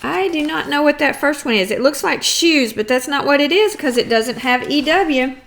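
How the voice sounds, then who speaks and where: A middle-aged woman teaching a first grade phonics lesson, patiently sounding out words and clearing her throat now and then. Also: high voice, expressive, normal speed, fairly bright tone. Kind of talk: recorded phonics lesson for young children.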